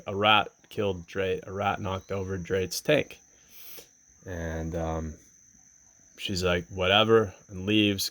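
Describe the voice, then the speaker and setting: A man in casual chat, retelling events plainly and matter-of-factly. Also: fairly low pitch. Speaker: podcast co-host.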